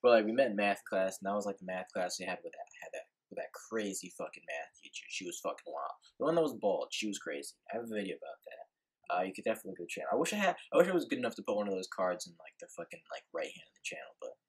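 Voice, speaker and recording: A man's voice: deep voice, big pitch swings, quick pace, breathy edge. A young man telling a rambling, laid-back story in a casual vlog, full of filler words and swearing. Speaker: vlogger.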